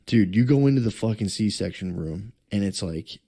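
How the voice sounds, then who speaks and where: A young man co-hosting a podcast, telling a story in a rambling, profane, excitable way. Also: lowish voice, moderate pace, husky. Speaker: podcast co-host. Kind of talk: casual podcast chat.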